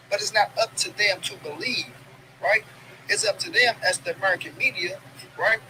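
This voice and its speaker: A man with a raised voice rants about boxing coverage, swearing and repeating himself. The clip carries a steady background noise throughout. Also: high-pitched. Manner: profane, emphatic, repeats lines for stress. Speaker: boxing commentary channel host. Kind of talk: casual ranting commentary.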